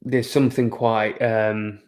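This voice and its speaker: A man's voice: on the low side, level tone, slow, a little mellow. A man casually chatting about fragrances, rambling and repeating words as he searches for descriptions. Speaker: fragrance reviewer. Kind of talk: casual chat.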